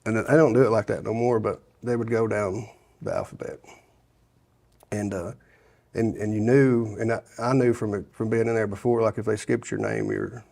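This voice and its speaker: A man's voice: lowish voice, fairly even intonation, moderate pace, vocal fry, darkish tone. A middle-aged man, telling his life story in a casual interview, rambling with many restarts and "you know"s. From Sevier County, Tennessee. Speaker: guest sharing his testimony.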